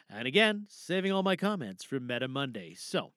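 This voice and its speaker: A man hosting an audio theatre podcast from his booth, chatty and quick with his asides. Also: medium pitch, big pitch swings, no echo. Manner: chatty, rushes through asides, trails off quietly. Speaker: podcast host. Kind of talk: casual show hosting. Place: home recording booth.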